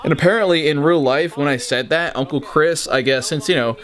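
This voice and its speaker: A man's voice: fairly high pitch, brisk. A young man casually talking through behind-the-scenes stories of his videos, swearing freely and acting out quotes with energy. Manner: casual, profane, animated retellings. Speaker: YouTuber.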